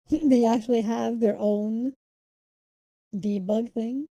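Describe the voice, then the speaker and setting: Young woman streamer with dark, dry sound. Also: on the high side, fairly even intonation, takes it slowly, no room sound, rough recording. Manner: chatty, apologetic, laughing, humming to herself. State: hiccups. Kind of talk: casual live-stream chat. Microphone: close desk microphone.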